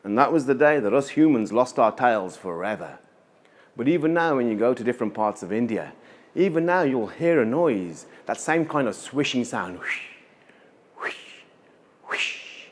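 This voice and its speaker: A man's voice: medium pitch, animated, normal speed. A man telling a folktale live at a museum event, dramatic, with rhythmic repetition and spoken sound effects. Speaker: storyteller.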